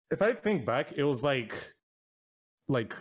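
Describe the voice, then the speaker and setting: A man co-hosting a podcast in casual chat, rambling with many fillers and laughing easily. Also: mid-range voice. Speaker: podcast co-host.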